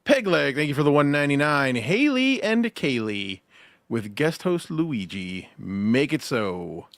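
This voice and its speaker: Laughing, animated podcast guy. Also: a little high, measured pace, dry recording, studio quality. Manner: loose, laughing, swears freely, many filler uhs. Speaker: guest host of a podcast. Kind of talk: casual livestream podcast chat.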